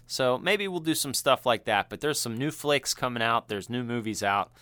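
A man co-hosting a casual podcast, talking with a bright, forceful voice. He is animated, laughs often and acts out the people in his stories. The mic picks up a close, dry sound. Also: mid-range voice, normal speed, clean tone, no echo. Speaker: podcast co-host. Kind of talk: casual chat.

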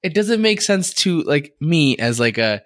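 A man co-hosting a podcast in casual chat, rambling and joking with quick restarts. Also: a little high, sing-song, a bit bright, no room sound, studio quality. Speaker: podcast co-host.

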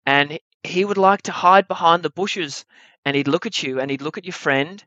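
A young man telling a true adventure story at a live story slam, wry and animated, with comic timing. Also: fairly high pitch, moderate pace, dry recording, lo-fi sound.

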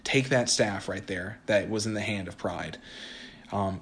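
A man's voice: on the low side, a little slow, vocal fry, fairly bright tone, a little hiss or hum. An earnest man preaches in a plain, conversational way. He reads a passage aloud, then speaks directly and sincerely to his listeners. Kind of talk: sermon with read-aloud story.

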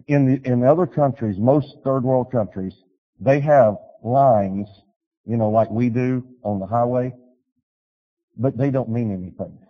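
A man preaching a sermon, telling stories and urging his listeners, swinging from loud appeals to quiet pleas. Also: mid-range voice, a little slow, in a large hall, dull audio. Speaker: pastor.

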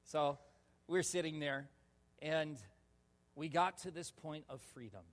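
A male pastor telling a personal story in a sermon, animated and laughing, with sudden loud shouts. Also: fairly high pitch, a little slow. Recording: long reverb of a large hall.

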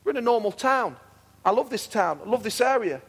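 A high-pitched man preaching in a church, earnest and repetitive, his phrases swelling into fervent declarations. His voice rings with a long reverb off the hall walls, and he often doubles back on a word before pressing on. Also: animated, a little fast, creaky, breathy edge. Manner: earnest, repeats himself, builds to fervent declarations. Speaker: pastor. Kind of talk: sermon.

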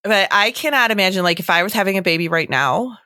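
A woman's voice: medium pitch, animated, fast talker, sharp tone, dry recording, studio quality. A young adult woman giving earnest, chatty advice on feeding babies, often slipping into quoted asides. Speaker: breastfeeding expert guest. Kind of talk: casual advice chat.

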